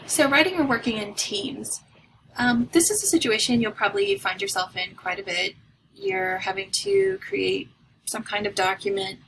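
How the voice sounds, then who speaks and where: Female college instructor, casual lecture delivery with fillers, some vocal fry, faint noise floor. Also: medium pitch, very animated, normal speed. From North America. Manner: chatty, discursive, with many fillers. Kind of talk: recorded lecture.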